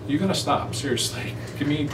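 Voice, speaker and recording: A man's voice: a little high, brisk. A man chatting casually as an interview guest between takes, easygoing and teasing. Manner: easygoing, teasing, talks things through. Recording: echoey room, far from mic, steady background noise.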